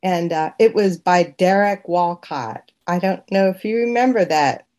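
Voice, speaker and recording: A woman from a meditation group sharing a memory, gentle and hesitant, laughing softly. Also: lowish voice, a little slow. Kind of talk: casual sharing.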